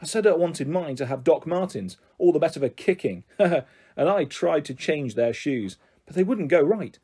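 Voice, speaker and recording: A man reading a children's novel aloud in a lively, expressive storytelling manner. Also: a little high, moderate pace, breathy edge. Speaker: audiobook reader.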